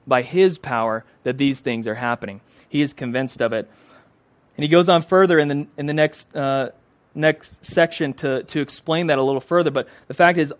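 Guy preaching a sermon, kinda high voice, really emphatic, dry close sound. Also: no echo. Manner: emphatic, repeats phrases for stress.

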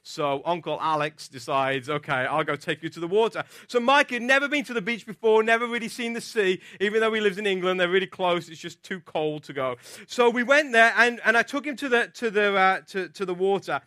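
A man with a bright, high voice preaches to his congregation, telling a personal story with lively, animated energy. His voice sounds close and dry, with little room around it. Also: brisk, no room sound. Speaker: pastor. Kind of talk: sermon with storytelling.

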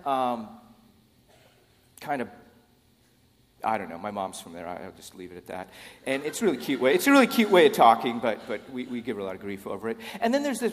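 Brief: a middle-aged male pastor, conversational sermon, slightly high voice, long church reverb. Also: a little mellow. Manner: conversational, repeats words when starting phrases.

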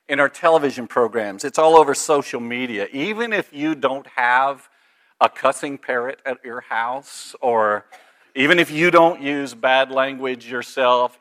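A man's voice: medium pitch, bright, forceful tone. A male pastor giving a sermon in a conversational way, with frequent ums and uhs.

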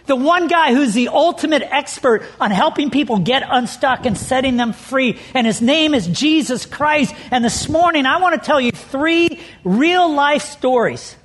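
A man's voice: extremely high pitch, fairly bright tone. A middle-aged man preaching a sermon as pastor, telling stories with animation and leaning hard on key words.

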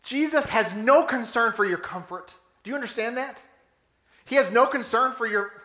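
A man with a high, bright voice preaches a sermon, telling the story with animation and firing off rhetorical questions. His voice carries a roomy echo, as if it were filling a church sanctuary. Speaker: pastor.

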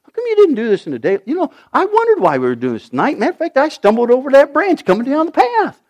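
Male pastor, high voice, very lively delivery, preaches with big swings from shouts to hushed asides. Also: fast talker. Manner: animated preaching, rising to shouts, dropping to near whispers. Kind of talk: sermon.

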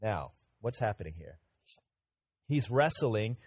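A man's voice: on the low side, very animated, slow pace, slightly rough, no echo. A man preaching a sermon as pastor, earnest and interactive, having the congregation repeat words back to him. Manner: earnest, swings from emphatic to quiet asides.

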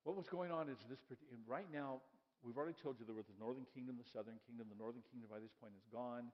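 A man preaching a sermon as a pastor, chatting and joking with the congregation, checking in with "okay?", then sinking to a hushed voice for the dramatic points. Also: mid-range voice, fast, big-room sound, highs cut off. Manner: drops to a soft, hushed voice for dramatic passages.

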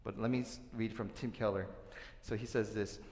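A man preaching a sermon as pastor, earnest, dropping to soft asides and then rising to loud, emphatic points. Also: on the low side, steady tone, moderate pace. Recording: echoey hall with long reverb.

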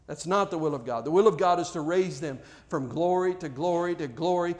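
High-voiced preaching pastor. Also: male voice, brisk, few pauses, a little mellow. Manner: earnest preaching with frequent restarts and rising emphasis. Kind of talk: sermon.

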